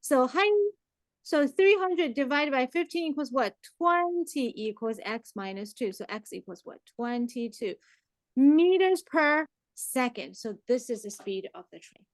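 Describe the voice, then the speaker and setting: A woman teaching an online math class, lively and checking on her students with frequent questions. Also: high-pitched, measured pace, dry recording. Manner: lively, mixes English and Chinese, asks the class questions.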